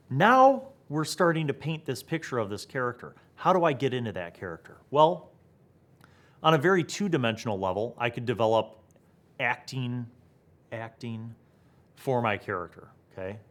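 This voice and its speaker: A young man hosting a tabletop gaming talk video, thinking aloud with excitement and asking rhetorical questions. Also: mid-range voice, moderate pace. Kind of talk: animated solo talk to camera.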